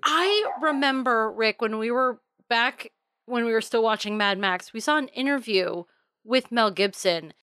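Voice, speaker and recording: A woman's voice: fairly high pitch, a little slow, sharp tone, clear, resonant tone, dry recording. A woman co-hosting a podcast, chatting in an agreeable, conversational way. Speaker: podcast co-host. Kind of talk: casual chat.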